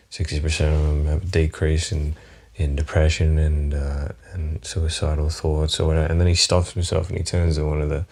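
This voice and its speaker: Deep-voiced Australian man rambling. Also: darkish tone. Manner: rambling, profane, chuckling often. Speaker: podcast host. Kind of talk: solo comedic podcast monologue.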